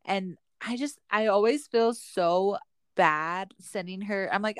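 A woman's voice: mid-range voice, moderate pace, smooth, no echo, clean studio sound. A woman in her thirties chatting casually as a podcast co-host, telling stories about her kids and acting out their lines. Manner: chatty storyteller, acts out her kids' voices. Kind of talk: casual chat.

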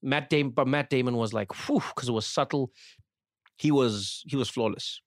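A man from South Africa, a podcast guest, chatting casually and lively, often slipping into voices of the people he describes. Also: medium pitch, moderate pace, no echo, studio quality. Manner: animated storyteller, slips into voices of people he describes.

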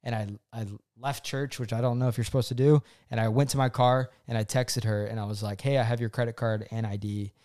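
A young man tells a personal story in a casual chat, quoting himself with lively changes in voice. His pitch sits in the middle for a man. He talks like a co-host sharing with his partner. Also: fairly quick, hardly any pauses. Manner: animated, acts out his own past quotes.

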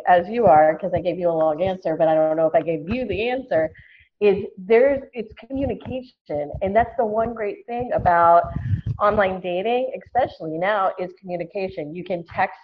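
A woman's voice: medium pitch, lo-fi sound, slight background noise. A woman guest in a casual podcast chat about dating, talking frankly and laughing often. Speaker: dating venture founder, guest.

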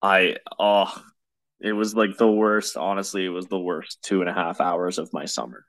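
Young guy, lowish voice, ranting and cursing, dry close mic. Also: steady tone, normal speed, fairly bright tone, dry recording. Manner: exasperated, swears a lot, rambling with restarts. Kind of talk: casual storytelling chat.

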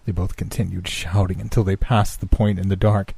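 A man reading a horror story aloud in a measured, hushed narration. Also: deep voice, flat delivery, creaky, a little hiss or hum.

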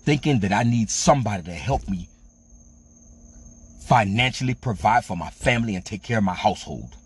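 A man voicing his stern, furious father in a low, hard, quiet tone. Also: expressive, a little fast, slightly rough. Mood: seething.

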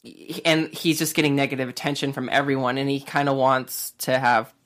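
A woman's voice: rumbling low, steady tone, fairly quick. A woman co-hosting a casual discussion podcast, thoughtful and rambling, with many fillers. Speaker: podcast co-host.

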